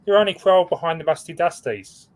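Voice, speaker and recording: Male co-host on a video call, slightly high voice, easygoing scoreboard rundown. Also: expressive, brisk. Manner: talks through a scoreboard, stumbles over names. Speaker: co-host reading team standings. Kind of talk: casual livestream chat.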